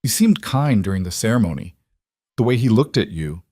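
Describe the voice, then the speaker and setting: A man's voice: lowish voice, very animated, fairly quick, a little mellow, no echo, clean studio sound. A man voicing a tearful, remorseful middle-aged mother who pleads with her daughter. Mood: pleading. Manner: pleading, sorrowful.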